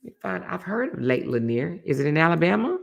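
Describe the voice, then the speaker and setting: Reading viewer comments aloud on her casual livestream, a middle-aged woman host speaks fast in a lowish voice with vocal fry, and the audio is dull. She's chatty and animated, repeating phrases for emphasis.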